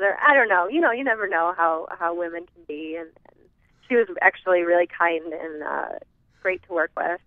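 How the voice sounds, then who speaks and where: A woman's voice: fairly low pitch, brisk, no echo. A woman from the American Midwest, a guest chatting casually in an interview, talking in a giggly, chatty way with trailing fillers. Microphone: phone. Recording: tinny phone line.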